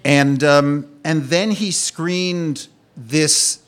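A man telling a personal story as a monologue, with a wry, animated delivery that drops low and quiet for the darker parts. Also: extremely slow, smooth.

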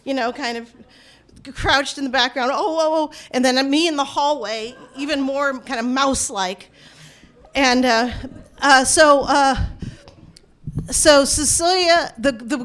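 High-voiced woman telling a wry story. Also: fairly bright tone. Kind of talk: personal storytelling.

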